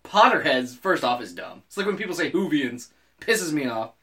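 A man's voice: fairly high pitch, sing-song, moderate pace, a bit bright. A young man co-hosting a casual podcast, joking crudely and laughing a lot. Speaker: podcast co-host. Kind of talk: casual off-topic podcast chat.

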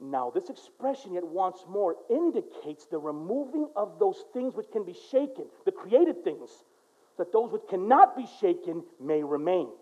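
A man preaching a sermon in a casual, animated storytelling way, dropping to a hush and then rising to loud bursts. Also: high-pitched, unhurried, breathy edge, lo-fi sound. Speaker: pastor. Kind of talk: sermon with personal stories.

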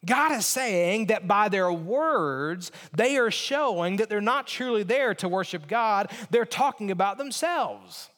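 This pastor's sermon comes in a high-pitched, expressive voice, unhurried with few pauses, slightly bright and trailing a long reverb tail. Earnest and emphatic, he repeats key phrases to give them weight and imitates other people in asides.

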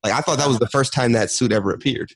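An easygoing man hosting a relaxed chat, speaking with plain enthusiasm. His voice is middle in pitch and recorded dry and close, with no room around it. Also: fast talker, slightly rough, dry recording. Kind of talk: casual chat.

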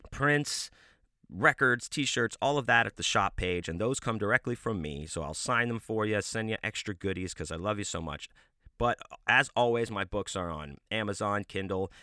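A man hosting his own podcast, telling a comic story in a deadpan, mock-serious way and drawing out words for emphasis. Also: fairly low pitch, dry recording, studio quality. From United States. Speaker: podcast host.

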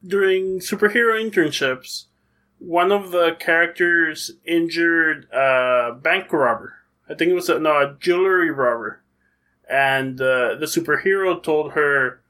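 A man chats eagerly about his tabletop game in an interview. His voice is bright and fairly high and his pace unhurried. He rambles and often corrects himself mid-thought. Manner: enthusiastic, rambling, self-correcting. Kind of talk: casual interview chat.

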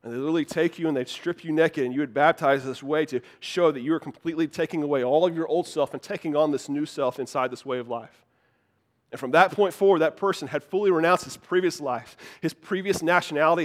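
A man with a high, light voice preaching a sermon. He tells stories with animated energy, rises loud for punchlines and drops low to repeat his main points for emphasis. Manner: animated storytelling, repeats key lines for emphasis. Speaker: pastor.

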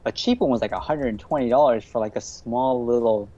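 A man chatting casually, relaxed and chiming in with a personal anecdote. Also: medium pitch, brisk. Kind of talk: casual chat. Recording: dull lo-fi mic with faint noise.

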